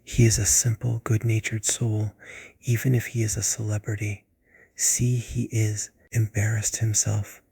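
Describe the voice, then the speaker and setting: A man voicing a vain, doting aging actress in a breathy whispered role-play. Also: fairly low pitch, completely flat delivery, unhurried, dark tone, dry recording, full character voice.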